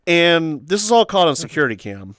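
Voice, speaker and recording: A young man hosting a casual chat with friends, telling stories with animated quoting and loud shrieked impressions. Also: on the high side, fairly quick, clean tone, no room sound, clean studio sound. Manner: animated storytelling, acts out quotes in squeals and shrieks. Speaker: host.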